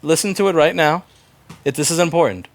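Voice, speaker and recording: A man's voice: on the high side, fairly quick. A man running a repair shop, giving blunt, profane instructions to his staff in casual workplace talk.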